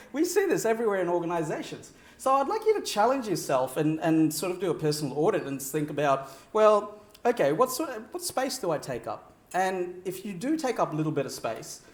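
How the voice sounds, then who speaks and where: A man giving a keynote speech to a live audience, animated, shifting his pitch and pace for effect and laughing often. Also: roomy sound. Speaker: keynote speaker. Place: large venue with audience.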